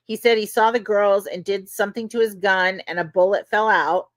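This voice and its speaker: A woman's voice: medium pitch, steady tone, normal speed, no echo. A woman hosting a podcast, casually recounting courtroom testimony in a conversational way, with lots of "you know" and "like.". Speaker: podcast host. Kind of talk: casual recap of trial testimony.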